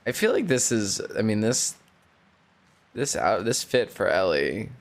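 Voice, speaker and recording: A gaming streamer, a man, chats through gameplay with crude jokes and casual swearing. His voice sits fairly low and he talks at a slow, unhurried pace. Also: very animated. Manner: joking, crude, swears freely.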